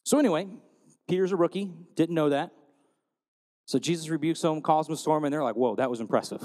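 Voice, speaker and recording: A man preaching a sermon, telling stories and retelling scripture in a lively storytelling way. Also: fairly high pitch, brisk, long reverb tail. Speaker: pastor.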